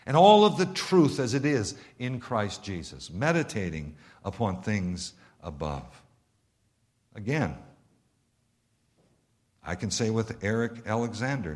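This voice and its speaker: A Canadian-accented man preaching a sermon. His pitch rises and falls freely as he stresses lists of words. He keeps asking his listeners pointed rhetorical questions. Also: big pitch swings, unhurried, pauses often, a little mellow. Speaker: pastor.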